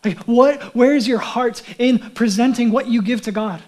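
High-voiced man preaching a conversational sermon. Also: normal speed, a little mellow. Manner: conversational, acts out quoted voices. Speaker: pastor.

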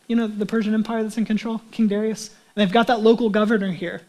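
A pastor preaches in a casual, conversational sermon. The man has a high voice and slips into the voices of the people he quotes. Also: fairly even intonation, fast, hardly any pauses, a little mellow.

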